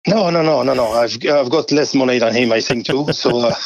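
A man from France with a strong French accent, a guest speaking English in a halting, hesitant way with frequent fillers. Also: mid-range voice, no room sound, rough recording. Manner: hesitant, halting, laughs at himself. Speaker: guest, rugby league coach and media manager. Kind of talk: casual interview.

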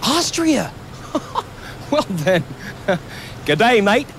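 A man's voice: sits high, sing-song, very slow, full character voice. An actor playing a dim-witted young male limo driver who chatters in a chirpy, giggly, clueless way. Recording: film clip with street traffic noise.

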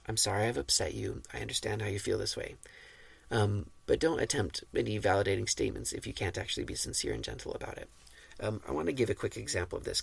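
A man with a deeply gravelly, husky voice talks through parenting advice on a podcast. He sounds calm and measured, like someone teaching steadily, and his pitch sits in the middle of the range. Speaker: podcast host.

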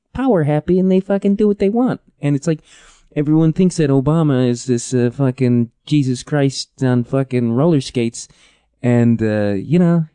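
A man in his thirties hosts a comedic podcast monologue, griping about everyday annoyances in a profane, rambling way. His voice is mellow and relaxed, recorded dry and close with no room sound. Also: mid-range voice, clean tone, dry recording. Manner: profane, exasperated, rambling with restarts. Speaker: podcast host.

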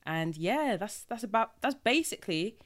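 A woman's voice: medium pitch, lively intonation, moderate pace. Chatty woman hosting a podcast. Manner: chatty, lots of "like" and "literally" fillers. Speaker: podcast host. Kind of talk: casual chat.

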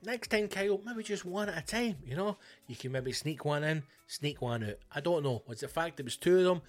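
Sweary Scottish comedian telling stories. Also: male voice, on the high side, expressive, brisk, soft background music. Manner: sweary, blunt, ranting. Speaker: comedian and podcast host. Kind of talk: casual comic storytelling monologue.

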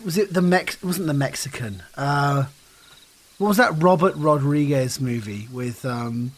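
Rambling British man, slightly high voice. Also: measured pace. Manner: rambling, animated storytelling. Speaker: podcast co-host. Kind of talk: casual comedic chat.

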